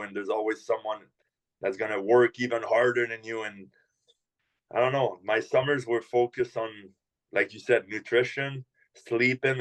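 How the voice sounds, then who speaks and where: Relaxed man telling hockey stories. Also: lowish voice, low-quality recording. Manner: relaxed storyteller, many fillers like "like". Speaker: hockey skills coach. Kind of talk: casual podcast chat.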